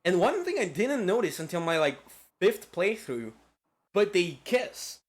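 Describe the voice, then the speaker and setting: A man's voice: high voice, very animated, a little slow. A man streaming a casual lecture-style game recap, rambling and profane with lots of filler words.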